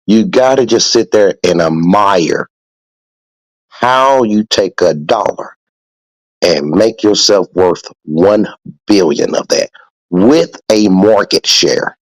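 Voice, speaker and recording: A man's voice: lowish voice, slow pace, dry recording, low-quality recording. Profane, emphatic male podcast host. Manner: profane, preachy, emphatic with repetition. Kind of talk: casual motivational podcast talk.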